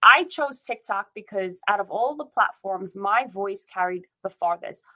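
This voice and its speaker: A woman's voice: mid-range voice, animated, measured pace, pushed and bright, low-quality recording. A woman from the United States giving a fierce, repetitive rant with frequent swearing in a casual chat.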